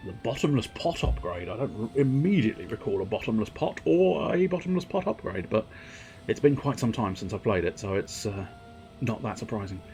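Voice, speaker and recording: Low-voiced man with wry rambling commentary. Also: sing-song, fairly quick, warm tone, soft background music. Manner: rambling, wry and profane, reads on-screen text aloud. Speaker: game streamer. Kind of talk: casual gameplay commentary.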